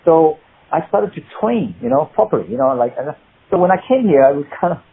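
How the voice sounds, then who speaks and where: A man with a Cockney accent, an actor guest telling rambling, animated stories with many restarts. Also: fairly high pitch, brisk. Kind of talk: casual interview storytelling. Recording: tinny phone-like line.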